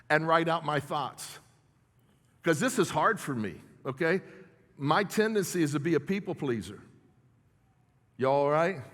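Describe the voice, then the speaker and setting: A man's voice: a little high, fairly bright tone, in a large hall. A middle-aged male pastor delivering a sermon in a conversational style, often checking in with his congregation. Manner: conversational preaching with audience check-ins. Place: church sanctuary.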